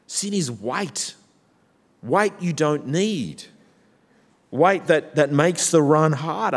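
A man preaching a sermon in a church, building from quiet, reflective passages to loud, rousing calls. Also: medium pitch. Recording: church hall with long reverb.

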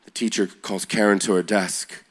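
Fired-up male preacher telling stories. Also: fairly low pitch. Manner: energetic, builds to loud excited peaks; slow and quiet when praying. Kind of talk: sermon storytelling.

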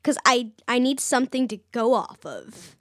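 High-voiced bubbly young woman. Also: lively intonation, normal speed, fairly bright tone, no room sound, studio quality. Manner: bubbly, rambling, giggly. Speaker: podcast co-host. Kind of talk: casual chat.

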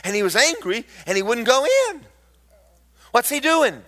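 A male preacher delivers an animated sermon, acting out scenes and teasing his listeners. His voice sits high for a man and leaps all over the place in pitch. The tone is bright and forceful. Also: moderate pace. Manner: animated, storytelling, mocking asides.

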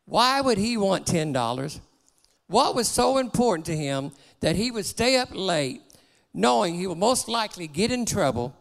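A man's voice: high voice, sing-song, normal speed, creaky, in a large hall. A man preaching a sermon in church, earnest and exhorting.

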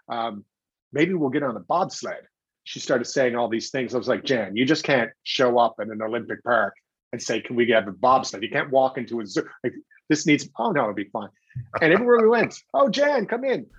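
Middle-aged man, husky, animated raconteur who acts out his quotes, dry, slightly dull sound. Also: medium pitch, dry recording. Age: 40s or older. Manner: animated storyteller acting out quotes, quick restarts. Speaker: guest, television host. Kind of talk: anecdotal interview talk.

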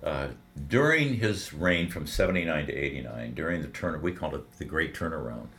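A man's voice: very deep voice, a little fast. An older man, a veteran radio broadcaster, telling stories as a guest in a casual interview, with frequent restarts. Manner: animated storyteller with frequent restarts.

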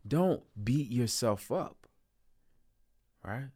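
A man's voice: medium pitch, lively intonation, very slow, dark tone, slightly rough. A man giving a self-help talk to viewers in an earnest, coaching way, repeating key phrases and stretching words for emphasis. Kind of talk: motivational talk to camera.

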